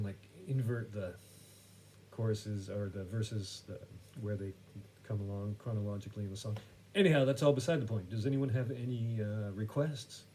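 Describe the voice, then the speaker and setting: A man's voice: fairly low pitch, warm tone, a little hiss or hum. A man hosting a podcast who tells a story in a wry, rambling, self-correcting way. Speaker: podcast host. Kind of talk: casual storytelling monologue.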